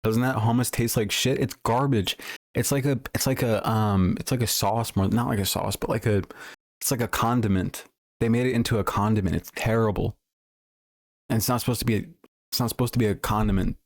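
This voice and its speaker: A man chats casually on a livestream, his voice sitting a little low. He rambles and circles back with fillers and restarts. He swears freely and bluntly. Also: fairly even intonation, brisk. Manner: rambling, many fillers and self-corrections; blunt and profane. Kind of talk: casual stream commentary.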